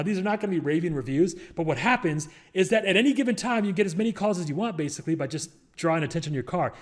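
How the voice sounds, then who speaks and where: A man's voice: on the high side, a little mellow. A young man giving casual advice in a rambling, joking way, full of fillers and restarts. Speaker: real estate investor and show host.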